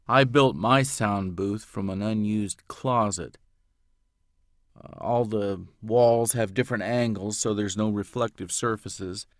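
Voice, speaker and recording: A man, an audiobook narrator, answering interview questions in a measured, explanatory way, recorded in a home closet sound booth. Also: on the low side, dry recording. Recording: dead dry home booth.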